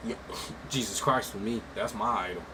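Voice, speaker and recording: A man giving casual, mocking commentary, swinging from loud outbursts to low mutters. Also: moderate pace, a little hiss or hum, low-quality recording.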